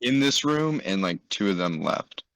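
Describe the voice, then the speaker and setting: A man playing a tabletop game online, chatting in a relaxed and rambling way with a few hesitations. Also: lowish voice, normal speed, rough recording. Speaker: player. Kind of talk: casual tabletop game chat.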